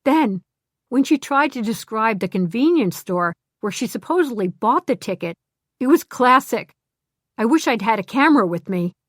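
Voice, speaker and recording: A man's voice: extremely high pitch, animated, moderate pace, a bit bright, no room sound, clean studio sound, full character voice. A woman voicing a good-humored young man telling an amused story, in an audiobook.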